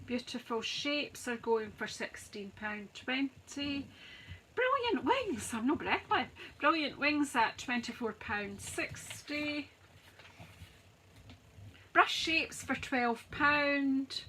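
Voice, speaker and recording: A woman's voice: fairly high pitch, bright, forceful tone, a little hiss or hum, low-quality recording. A woman hosting a live craft stream, chatting to viewers as she rattles off sale prices like an auctioneer. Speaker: craft demonstrator, host. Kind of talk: live-stream product walkthrough.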